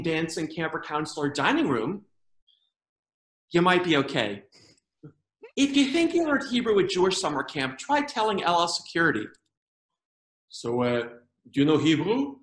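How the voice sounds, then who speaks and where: A man performing a stand-up comedy routine, with lively delivery and funny voices for quoted people. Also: fairly high pitch. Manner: animated joke-telling with funny put-on quoted voices. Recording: roomy echo.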